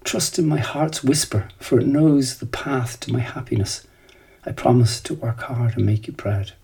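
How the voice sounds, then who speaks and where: Man doing a pleading young girl from a storybook, earnest, low and raspy. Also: normal speed, warm tone, far from the mic.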